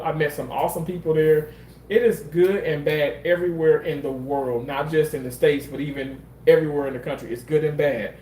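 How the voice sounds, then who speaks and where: A man's voice: fairly high pitch, reverberant, a little hiss or hum, low-quality recording. A man from Mississippi, telling a personal story in a candid, rambling way and swearing freely. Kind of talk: casual storytelling monologue.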